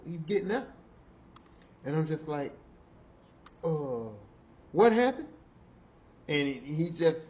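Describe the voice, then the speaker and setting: A man hosting a podcast, telling a work story in a casual, animated, profane way and often repeating himself. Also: fairly high pitch, highs cut off, a little hiss or hum. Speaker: podcast host.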